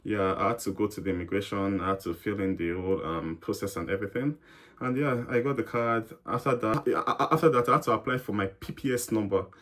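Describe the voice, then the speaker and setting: A man's voice: fairly low pitch, fast talker, fairly bright tone. A young man from Nigeria, chatting as an interview guest, explaining at length with fillers and restarts and acting out little exchanges. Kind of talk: casual interview chat.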